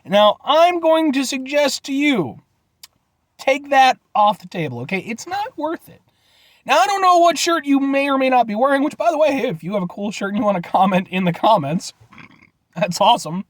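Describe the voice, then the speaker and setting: Animated, chatty man reviewing food. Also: very high-pitched, moderate pace, no room sound. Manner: rambling, jokey, folksy sign-off addressing "folks". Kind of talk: casual vlog review.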